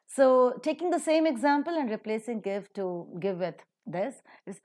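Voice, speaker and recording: A woman's voice: on the high side, animated, dark tone. Woman teaching pronunciation. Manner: slow, emphatic model sentences for the class. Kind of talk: phonetics lesson.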